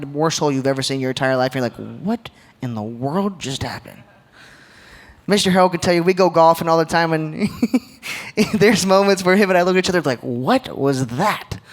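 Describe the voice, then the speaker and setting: A man in his twenties giving a playful, jokey leadership talk to a church audience, laughing often. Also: fairly high pitch. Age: 20s. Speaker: church speaker. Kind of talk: sermon-style leadership talk. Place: church hall, live audience.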